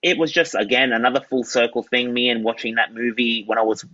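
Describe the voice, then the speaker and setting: An enthusiastic Australian man talks through an interview, looping back on himself with fillers. His tone is bright and forceful. The recording sounds dry and a little muffled. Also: mid-range voice, fairly even intonation, a little fast, no room sound. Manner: enthusiastic, rambling with many "you know" fillers. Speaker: guest, tenor. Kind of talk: casual interview chat.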